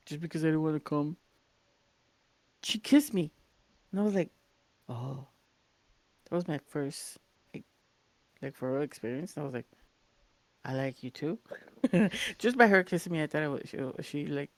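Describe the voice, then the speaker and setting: A woman's voice: deep voice, normal speed, long pauses, no room sound. A woman, telling stories casually and acting out the people she quotes, cursing now and then. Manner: animated, acts out quoted voices, swears casually. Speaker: podcast co-host. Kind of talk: casual storytelling chat.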